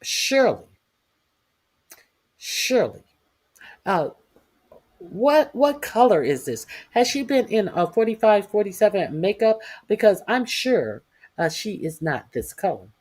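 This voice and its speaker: A livestream host giving news commentary in a taunting, profane way, filling pauses with constant "uh"s. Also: mid-range voice, sing-song, a little mellow. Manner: profane, taunting, heavy "uh" fillers. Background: reading chat comments.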